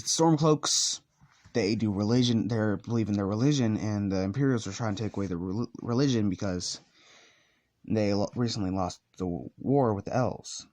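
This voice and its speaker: A man's voice: on the low side, normal speed, a little mellow, no echo. A man casually retelling a fan story, rambling with lots of "like" and "let's just say," sometimes walking around as he talks.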